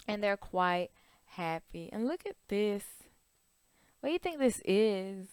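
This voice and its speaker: A woman's voice: mid-range voice, expressive, a little slow, smooth, no echo, clean studio sound. A woman teaching a children's phonics lesson, stretching out vowel sounds and asking the class questions.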